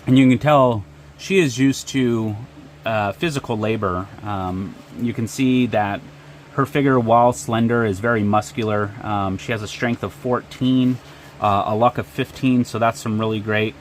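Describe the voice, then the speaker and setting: A man's voice: on the low side, moderate pace, a little hiss or hum. A man narrating and running a solo tabletop game with frequent ums and uhs. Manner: hesitant, lots of ums and uhs.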